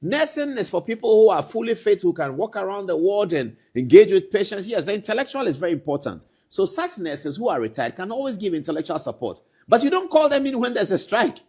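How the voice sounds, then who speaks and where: A man hosting a political talk show, speaking indignantly, his voice climbing to loud emphatic peaks and then dropping low. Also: sing-song, a little fast, few pauses, breathy edge. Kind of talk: commentary to camera.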